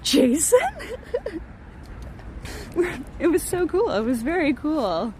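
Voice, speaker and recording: A woman streaming live as she walks outside a building, excitable and gushing, laughing often as she greets her chat and points things out. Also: extremely high pitch, drawn-out words, a little hiss or hum. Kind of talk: casual live-stream chat while walking. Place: outdoors beside a gallery building.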